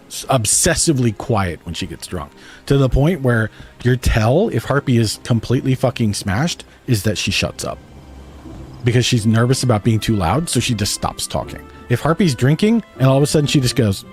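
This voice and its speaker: A man's voice: mid-range voice, darkish tone. A man streaming a game, telling a rambling story in a casual, profane way. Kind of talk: casual storytelling while gaming.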